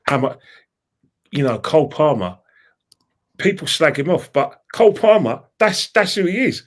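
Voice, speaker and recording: A man with a London accent, a panelist in a casual football chat, talking in an opinionated, animated way. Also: mid-range voice.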